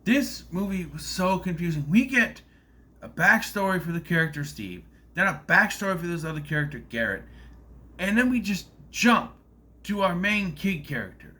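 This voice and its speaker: A young man talking casually to camera, reviewing a movie in a rambling, animated way with frequent restarts. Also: high-pitched, moderate pace. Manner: rambling, animated, self-interrupting. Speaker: video reviewer.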